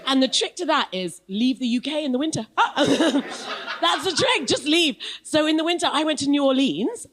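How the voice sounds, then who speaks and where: A woman with a posh English accent doing a live stand-up set on a club stage, chatty and playful, bantering with the crowd and laughing between lines. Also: high voice. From England, London then West Country. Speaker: stand-up comedian.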